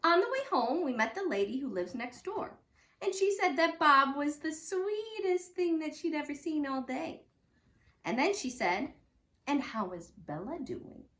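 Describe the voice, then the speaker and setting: A woman teacher reading a picture book aloud at home, with lively, chatty asides for children. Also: high voice, unhurried, reverberant. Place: home room.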